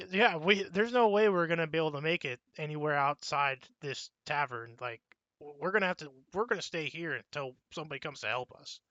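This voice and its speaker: Man playing a panicky shouting priest, Aldrich. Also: on the high side, brisk, no room sound, dull audio. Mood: fearful. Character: frightened male priest, panicky and accusing.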